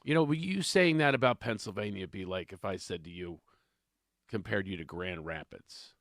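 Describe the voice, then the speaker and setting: A man from Philadelphia with a Philadelphia accent, a comedian telling animated jokes in a radio studio. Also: low voice, normal speed, dry recording. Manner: animated joke-telling, acts out voices. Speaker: comedian guest. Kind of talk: radio studio banter, storytelling.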